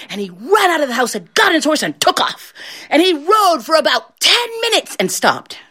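A middle-aged woman telling a folktale aloud, expressive and laughing often as she narrates. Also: sits high, normal speed. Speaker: storyteller. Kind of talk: animated oral folktale telling.

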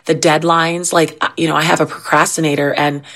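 A woman's voice: low voice, little pitch movement, fairly quick, a bit bright. A woman, a mother on a panel, speaking emphatically and jokingly about parenting. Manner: emphatic, jokey. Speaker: panelist mom. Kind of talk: casual chat.

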